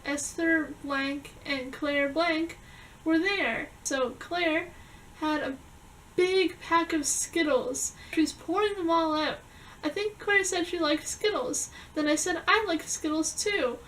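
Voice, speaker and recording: A young woman vlogger chattily recounting her dreams from a journal, with quick asides to the viewer. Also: sits high, fairly bright tone, distant mic, a little hiss or hum, low-quality recording. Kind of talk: reading a dream journal to camera.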